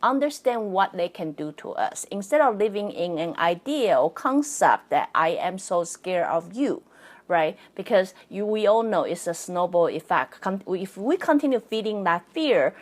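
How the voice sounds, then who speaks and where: A woman's voice: on the low side, animated, normal speed. A woman, a non-native English speaker, hosting a casual solo podcast as a psychic and spirit coach. She talks in a chatty way, laughs often and keeps asking "right?". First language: not English.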